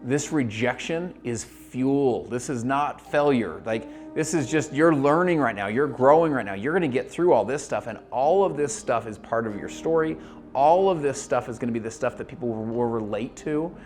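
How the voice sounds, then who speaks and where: An energetic man coaches his viewers straight to camera, mid-pitched and fast-moving. He acts out the voices of the people in his stories. A faint bed of music plays under him. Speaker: network marketing coach. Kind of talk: motivational video talk.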